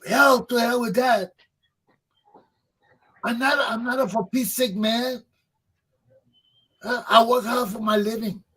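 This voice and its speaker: A man's voice: extremely high pitch, takes it slowly, long pauses, pushed and bright, slightly rough, poor audio. A man, hosting a talk show, delivering a fervent political monologue that preaches, repeats points for emphasis and swears. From Liberia.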